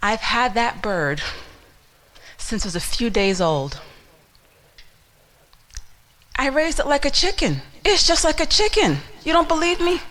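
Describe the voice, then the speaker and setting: A woman voicing a proud country man who insists his eagle is a chicken, laughing and loud. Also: very high-pitched, sing-song, normal speed, heavily acted. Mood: confiding.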